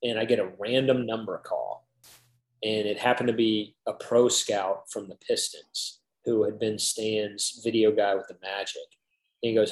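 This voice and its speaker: A man's voice: fairly low pitch, fairly even intonation, moderate pace, reverberant, low-quality recording. A man in his thirties, a guest in an interview, telling a long story casually with lots of "like" and acted-out quotes. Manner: chatty, peppered with "like", acts out quoted dialogue.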